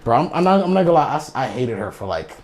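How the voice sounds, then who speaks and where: Animated young man telling a story. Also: medium pitch, rapid-fire. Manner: animated, laughs through the telling; slangy, rambling with restarts. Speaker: guest storyteller. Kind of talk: casual storytelling.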